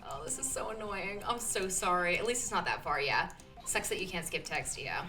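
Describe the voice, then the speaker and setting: A woman's voice: lowish voice, lively intonation, measured pace, pauses often, sharp tone. A young woman streaming a video game, chatting casually and swearing and apologizing in flustered bursts. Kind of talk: casual gaming commentary. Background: faint game music.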